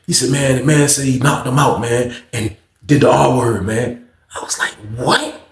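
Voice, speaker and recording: A man's voice: medium pitch, steady tone, normal speed, vocal fry, roomy sound. A man telling a prison story casually and acting out the other people's lines. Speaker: storyteller host.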